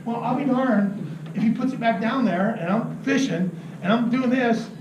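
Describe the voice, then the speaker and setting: A man teaching about fishing, telling an animated story, laughing often and acting out what people said. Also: extremely high pitch, moderate pace, highs cut off. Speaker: fishing instructor. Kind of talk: anecdotal teaching talk. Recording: roomy, distant mic with noisy ambience.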